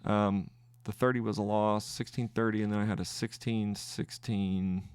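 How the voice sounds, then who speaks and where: A man hosting a trading podcast, thinking aloud through his trades in live commentary, halting and restarting as he counts wins and losses. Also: fairly low pitch, flat delivery, darkish tone, clean tone, dry recording.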